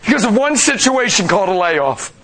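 A man's voice: high-pitched, big pitch swings, brisk, a bit bright. A man preaching a sermon emphatically, asking rhetorical questions and calling out to the congregation.

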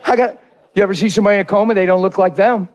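A middle-aged man preaching a sermon through an animated, folksy personal story. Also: high-pitched, rapid-fire. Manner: animated, folksy, drawls into dramatic retellings.

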